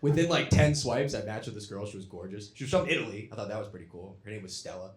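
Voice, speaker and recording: A young man from Florida doing a stand-up comedy set on a club stage, dropping to low mumbled asides and then shouting his punchlines. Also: animated, fast. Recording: roomy club sound. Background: audience laughter.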